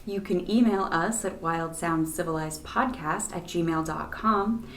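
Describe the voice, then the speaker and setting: A woman's voice: lowish voice, unhurried, fairly bright tone, slight background noise. A Canadian woman co-hosting a podcast in casual, matter-of-fact chat. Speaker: podcast co-host.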